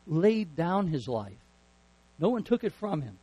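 A man's voice: on the high side, big pitch swings, moderate pace, dark tone, slightly rough, no room sound, rough recording. A man preaching a sermon earnestly, often repeating words as he builds emphasis. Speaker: pastor.

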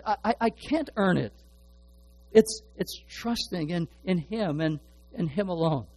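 Earnest preaching man, slightly high voice. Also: animated, unhurried, a little mellow, low-quality recording. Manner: earnest, repeats words and restarts often. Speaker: pastor. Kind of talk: sermon.

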